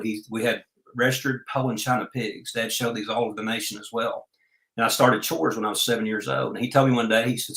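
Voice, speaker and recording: A man, a podcast guest telling folksy farm stories at an unhurried pace. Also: lowish voice, pushed and bright, roomy sound, rough recording. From Oklahoma. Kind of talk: storytelling in a podcast interview.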